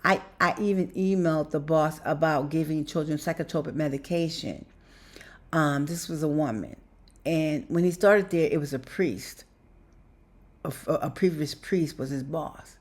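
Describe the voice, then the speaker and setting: Low-voiced woman rambling to her viewers. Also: moderate pace. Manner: rambling and emotional, repeats herself, laughs mid-sentence; talks straight to viewers as "you guys". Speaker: vlogger. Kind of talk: personal vlog monologue.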